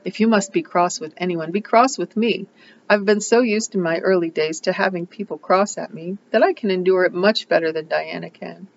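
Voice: mid-range voice, normal speed, creaky, highs cut off, slight background noise, natural voice. A reader voicing an impulsive, dramatic orphan girl who pleads earnestly in a storybook. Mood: pleading. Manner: earnest and pleading, breathless outpourings.

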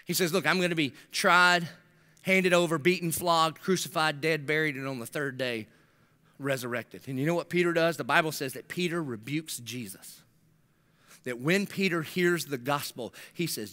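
A man's voice: a little high, lively intonation, brisk, sharp tone. A middle-aged man preaching a sermon, telling stories animatedly and acting out the voices in them with slangy jokes. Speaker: pastor.

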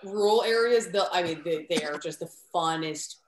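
A woman who works as a burlesque performer, chatting as a guest in a lively, joking way and laughing often. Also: on the low side, moderate pace, a little hiss or hum. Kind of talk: casual chat. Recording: roomy echo.

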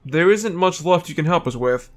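A man's voice: on the high side, expressive, moderate pace, natural voice. A man reading game lines as an eager male professor, stumbling over place names. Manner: reads dialogue aloud, stumbles over names.

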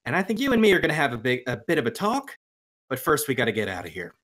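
No-nonsense woman sheriff, brisk and stern, with a lively, varied delivery; a man plays her. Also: mid-range voice.

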